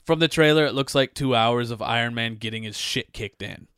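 A man's voice: medium pitch, a little fast, a bit bright, smooth, dry recording, studio quality. A man co-hosting a casual movie trailer podcast, ranting with profane exasperation. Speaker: podcast co-host.

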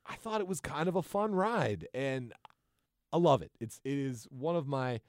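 Male podcast co-host, average pitch, dead dry sound, eager casual film chatter. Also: expressive, normal speed, no echo. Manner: enthusiastic, rambling with restarts. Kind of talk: casual movie chat.

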